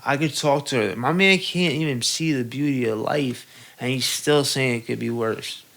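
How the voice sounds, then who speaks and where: Young male podcast guest; bright voice; loose, profane storyteller. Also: medium pitch, moderate pace, creaky. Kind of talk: casual podcast chat.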